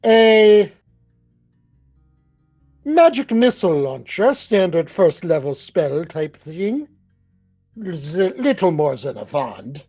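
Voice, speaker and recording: Man, player at a tabletop game, high voice, chatty and joking. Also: very animated, warm tone, husky, soft background music. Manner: chatty, quick, laughing asides, stammering restarts. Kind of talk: casual tabletop play.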